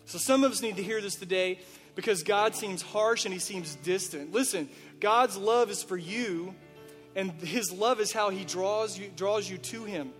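A man's voice: high voice, normal speed, fairly bright tone. A man preaching a sermon as a pastor, speaking earnestly straight to his listeners with a run of rhetorical questions. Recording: reverberant hall with faint music.

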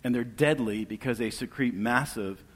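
A man's voice: normal speed, husky. Earnest man giving testimony in a hall. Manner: earnest, calls for amens, voice drops low and soft at emotional moments. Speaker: guest speaker sharing testimony. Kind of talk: church testimony. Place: church hall. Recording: long reverb of a large hall.

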